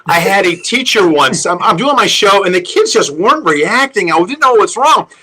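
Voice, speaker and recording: Lively high-voiced storytelling man. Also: normal speed, breathy edge, rough recording. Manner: animated storyteller, acts out voices in anecdotes. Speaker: guest children's entertainer. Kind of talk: casual storytelling.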